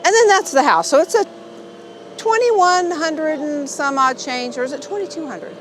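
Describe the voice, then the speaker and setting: High-voiced excited woman outdoors. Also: moderate pace, background noise. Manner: excited, gushing, emotional. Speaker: homestead vlogger. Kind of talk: casual vlog walkthrough. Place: outdoors at a building site.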